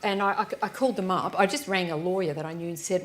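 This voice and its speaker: A woman author sits on a live panel onstage, telling animated stories and voicing their characters, with frequent restarts. Her voice is on the low side and quick, with a little hiss or hum in the audio.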